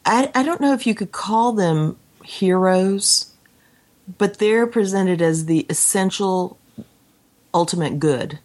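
A woman's voice: medium pitch, animated, slow, darkish tone. A woman in casual podcast talk about a film, reading a printed speech aloud with expression. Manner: reads quotes aloud with expression. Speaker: podcast co-host.

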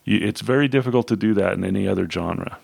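Low-voiced thoughtful man, dry sound. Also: fast talker, gravelly, a little mellow, slightly rough, dry recording. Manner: thoughtful, hesitant, restarts sentences. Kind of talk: casual book discussion.

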